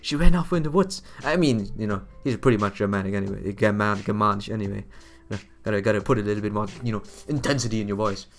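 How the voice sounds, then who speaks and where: A man's voice: lowish voice, fairly even intonation, quick pace, vocal fry, hardly any pauses. Rambling male streamer chatting casually. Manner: rambling, repeats words, laughs often. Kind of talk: casual live-stream chat.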